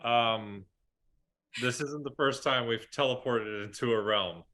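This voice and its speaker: A man playing a tabletop game, measured and dry as he explains. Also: medium pitch, sharp tone. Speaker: player. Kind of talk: casual tabletop play.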